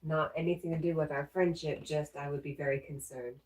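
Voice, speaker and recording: A woman's voice: deep voice, fairly even intonation, fairly quick, darkish tone. A woman hosting a casual early-morning livestream at home, reading viewer comments aloud and cooing in baby talk to her dog. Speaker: livestream host. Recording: roomy sound, mic far off.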